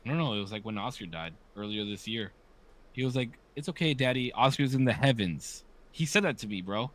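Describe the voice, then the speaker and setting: A man's voice: mid-range voice, lively intonation, a little fast. A man in his thirties chatting casually as a podcast co-host, candid and swearing often, acting out the voices of people he quotes. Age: 30s. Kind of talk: casual chat.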